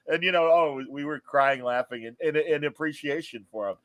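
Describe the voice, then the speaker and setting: A man hosting a podcast in casual chat, telling stories with lively cheering asides. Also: on the high side, a little fast, few pauses. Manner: animated storyteller, mimics cheering crowds. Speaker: podcast host.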